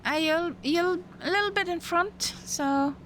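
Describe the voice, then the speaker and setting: A woman streamer in casual chat, a German native speaker speaking English haltingly with fillers. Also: extremely high pitch, a bit bright, a little hiss or hum. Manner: slow, halting speech with fillers.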